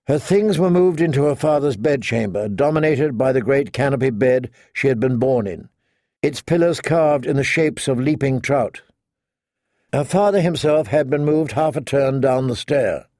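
A man with a medium-pitched voice narrates a fantasy audiobook in a measured, even storytelling style. The studio recording is clean, with no room sound.

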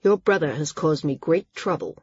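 A woman's voice: deep voice, normal speed, a little mellow, breathy edge, dry recording, muffled recording. Woman voicing a menacing male island ruler. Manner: menacing, sneering, prone to rage.

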